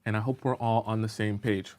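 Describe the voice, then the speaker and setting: A man works as a dating coach on a live-stream advice show, speaking conversationally and frequently checking in with his audience through rhetorical questions. His voice is fairly low, steady, brisk, and darkish in tone.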